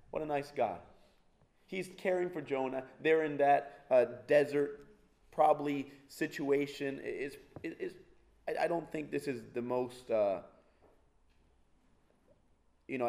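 A man preaching a sermon in a relaxed, conversational way, with a voice pitched somewhat high for a man. He keeps putting rhetorical questions to the congregation and drops in jokey asides. He often stumbles over and restarts his sentences. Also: creaky.

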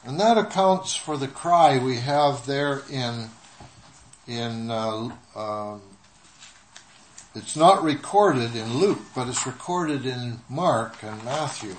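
A man preaching a sermon in short measured phrases, pausing so an interpreter can follow. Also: mid-range voice, lively intonation. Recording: echoey room with faint noise.

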